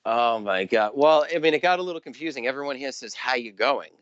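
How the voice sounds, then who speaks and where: A man with a New York accent, chatting as a guest and telling animated stories with frequent laughs. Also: mid-range voice, fast, no echo, lo-fi sound. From Brooklyn, New York. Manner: animated storyteller, laughs often. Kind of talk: casual interview chat.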